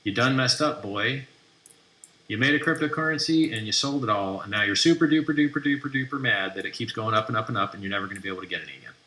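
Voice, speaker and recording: A man's voice: on the low side, expressive, very fast, hardly any pauses, sharp tone. A man hosting a live stream, brashly mocking and trash talking as he reads through posts. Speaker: livestream host. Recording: roomy echoey room.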